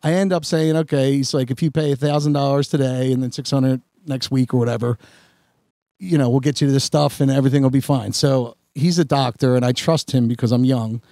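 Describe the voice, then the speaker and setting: A man's voice: mid-range voice, fairly quick, dry recording. Rambling storyteller man, dry close mic. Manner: rambling, animated storytelling with many restarts. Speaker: podcast host. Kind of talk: casual storytelling chat.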